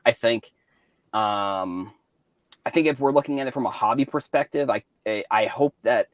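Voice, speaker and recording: A man from Cape Cod chatting casually as a guest on a call-in show, halting with many restarts and likes. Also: medium pitch, no echo. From Cape Cod, Massachusetts.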